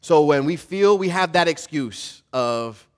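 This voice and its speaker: A man preacher delivering a lively sermon, swinging between loud emphasis and quiet, repeating phrases. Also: a little high, a little slow.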